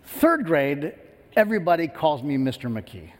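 A middle-aged man preaching a sermon as pastor, telling a story with lively quoted voices in a church. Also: on the high side, normal speed, slight background noise. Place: church sanctuary. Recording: long hall reverb.

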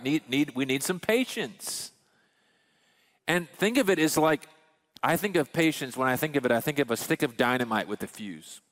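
A man's voice: mid-range voice, fairly bright tone. Male pastor, 30s, conversational sermon delivery, candid and folksy, reverberant room.

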